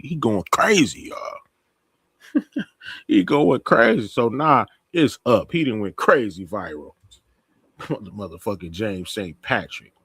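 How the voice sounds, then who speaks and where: Gravelly, husky man recapping a TV show. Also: on the low side, takes it slowly, pauses often, no echo. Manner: animated storytelling, acting out characters, laughing. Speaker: TV recap host. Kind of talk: casual slang-heavy episode recap.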